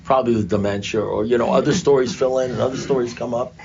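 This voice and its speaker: A man's voice: mid-range voice, fairly even intonation, fast, creaky, darkish tone, slight background noise. An older man speaking at a recovery meeting, telling his story to a group in a conversational, self-mocking way, recorded in a muffled, lo-fi room.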